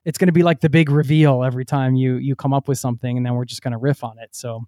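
A man's voice: medium pitch, steady tone, rapid-fire, dark tone, no room sound, studio quality. A man hosting a travel podcast, enthusiastic and chatty. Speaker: podcast host.

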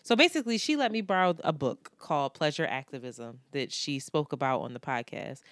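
A woman's voice: sits low, expressive, a little fast, dry recording, clean studio sound. A woman co-hosting a podcast in casual chat, teasing, laughing often and swearing freely. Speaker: podcast co-host.

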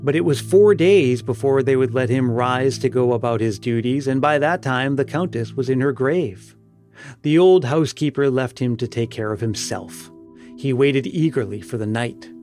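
A man's voice: medium pitch, darkish tone. Solemn male audiobook narrator. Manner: measured, solemn storytelling. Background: music.

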